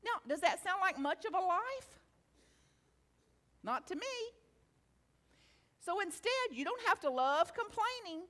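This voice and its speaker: A woman speaks to a gathered audience with a high, bright, very lively voice that swoops up and down. She takes her time with her words, teasing and playful one moment, quiet and reflective the next. A long reverb hangs on her voice, as in a large hall. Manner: slows into hushed guided reflection. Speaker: spiritual teacher. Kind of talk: talk to a live audience.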